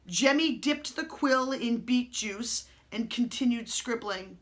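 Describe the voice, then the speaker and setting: A woman reading a children's novel aloud to a child, slow and expressive, giving the characters their own voices. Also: a little high.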